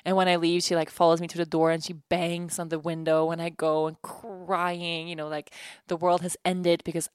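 A woman's voice: fairly low pitch, little pitch movement, normal speed, clear, resonant tone, no room sound, studio quality. A woman in her thirties hosting her own podcast from home, talking candidly and casually, laughing often and restarting her sentences. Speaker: podcast host. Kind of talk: casual solo podcast chat.

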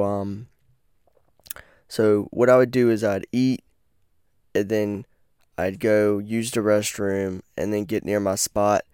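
A man's voice: on the low side, darkish tone, clean tone, no room sound. Profane rambling man, clean dry voice. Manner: rambling, profane, frequently stutters and restarts. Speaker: podcast host. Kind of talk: casual solo podcast. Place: lying on his bed at home. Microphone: headphones and corded mic.

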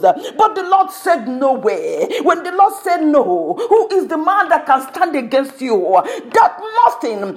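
A woman preaching a sermon, fervent, with lots of repetition. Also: high voice.

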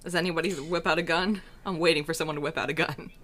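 A woman's voice: low-pitched, steady tone, quick pace, a bit bright. A woman playing a tabletop role-playing game, laughing and eager. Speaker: player. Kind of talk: casual tabletop play.

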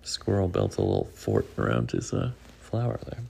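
A man reading a picture book aloud to a child at home, relaxed and stopping to ask questions. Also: rumbling low, moderate pace, gravelly, husky.

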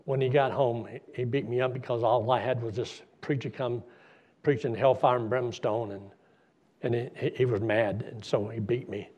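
A man's voice: mid-range voice, fairly even intonation, moderate pace, darkish tone, natural voice. A man voicing a desperate young man who pleads for his brother, his words breaking into sobs. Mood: pleading. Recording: dull lo-fi recording.

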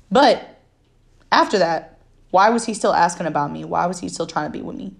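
A woman's voice: on the low side, a little fast, gravelly, pauses often. Heated, profane woman telling a story. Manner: profane, heated, emphatic retelling. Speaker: podcast host. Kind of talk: casual storytelling rant.

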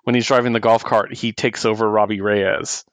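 A man's voice: fairly low pitch, normal speed, no room sound. Laughing man retelling a comic. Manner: animated retelling with frequent laughter. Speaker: comic book podcast co-host. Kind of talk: casual chat.

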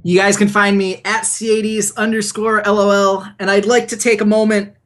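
A man's voice: sits high, little pitch movement, normal speed, a bit bright. Opinionated esports podcast co-host, man. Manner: opinionated, emphatic, repeats for punch. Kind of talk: casual esports analysis chat.

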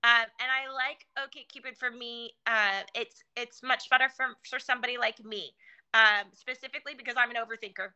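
Casual guest: a bright-toned, slightly high-voiced woman, animated storyteller, filler-heavy. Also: a little fast, smooth, highs cut off. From California. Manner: chatty, animated storytelling with many fillers and restarts. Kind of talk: casual conversation.

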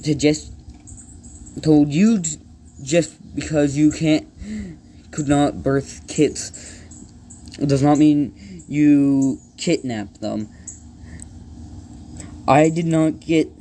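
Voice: medium pitch, very slow, long pauses, warm tone, slight background noise. A storyteller voicing an angry leader cat in a made-up cat story, stumbling and restarting while accusing another cat. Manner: accusing, stumbling over words.

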